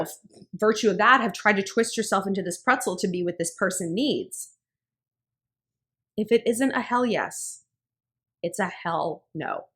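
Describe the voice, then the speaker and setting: A woman in her thirties talking to camera about relationships, candid and blunt, with profanity and animated emphasis. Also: on the high side. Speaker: relationship advice vlogger. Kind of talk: casual talk to camera.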